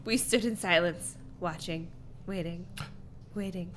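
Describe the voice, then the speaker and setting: A woman co-hosting a podcast, reading a story aloud in the first person and making dry, quick side remarks. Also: fairly low pitch, a bit bright, slight background noise.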